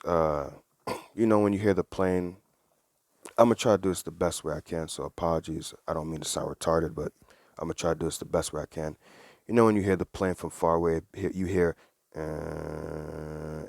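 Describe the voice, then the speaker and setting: A man with a low, deep voice talks through scripture in a casual Bible study. He reads verses aloud and then explains them earnestly, in plain conversational speech. The sound is dry and close, with no room echo. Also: fairly even intonation, a little fast, darkish tone. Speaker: Bible teacher.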